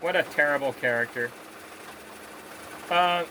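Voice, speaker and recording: A man's voice: on the high side, measured pace, bright, forceful tone, a little hiss or hum. A man ranting in a casual, profane video review, scornful and sarcastic. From Korea. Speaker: movie reviewer.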